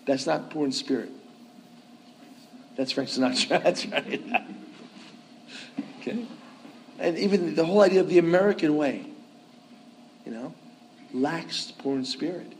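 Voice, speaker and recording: A man's voice: fairly high pitch, animated, unhurried, pauses often, slight background noise, rough recording. A man giving a conversational sermon, often asking his listeners "okay?" and "right?" to check that they follow him. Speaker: priest.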